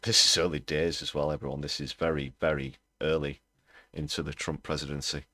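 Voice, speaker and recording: A man's voice: rumbling low, level tone, a little fast, sharp tone, no room sound. A British man hosting a political livestream, talking bluntly and scornfully, with fillers as he thinks aloud. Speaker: host.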